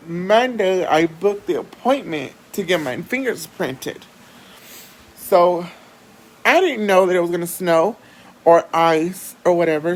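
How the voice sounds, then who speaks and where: A woman vlogger, telling a personal story in a chatty, animated way and swearing freely. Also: on the low side, poor audio. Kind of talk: casual storytelling.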